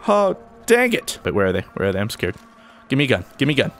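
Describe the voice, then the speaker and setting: A young man giving running commentary over a video game as a gaming channel host, often breaking into high excited yelps when the action spikes. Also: fast, faint music behind. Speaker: gaming YouTuber. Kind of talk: gameplay commentary.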